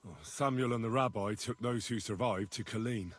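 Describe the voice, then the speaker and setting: A husky, earnest young squire. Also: male voice, on the low side, normal speed, a bit bright. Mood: solemn. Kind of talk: video game voice acting.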